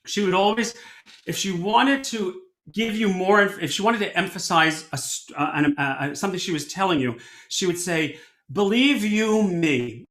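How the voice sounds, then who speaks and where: Man, cantor teaching a workshop, animated, conversational, high voice, echoey room. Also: normal speed. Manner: animated, conversational, many restarts. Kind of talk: workshop lesson.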